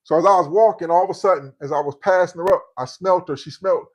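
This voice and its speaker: This livestream host, a man in his fifties, has a high, slightly rough voice and talks fast. He recounts a story in a relaxed way, animatedly performing the voices of its characters.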